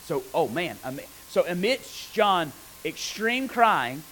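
A man preaching a conversational sermon on scripture, animated and often asking his listeners rhetorical questions. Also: high-pitched, slow pace, a little hiss or hum, low-quality recording.

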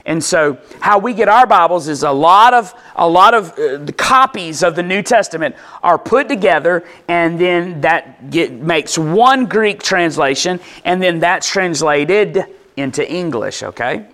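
A man delivering a sermon as a conversational teaching talk. His voice sits a little high for a man. He restarts and repeats words as he explains, and keeps asking whether his listeners are still with him. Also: lively intonation, a little slow, bright, forceful tone. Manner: conversational, checks in with listeners often. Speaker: pastor.

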